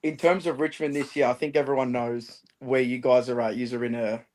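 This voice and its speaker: A man's voice: medium pitch, fairly even intonation, a little fast, darkish tone. A man co-hosting a footy podcast, teasing the others with chuckling banter. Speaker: podcast co-host. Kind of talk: casual footy chat.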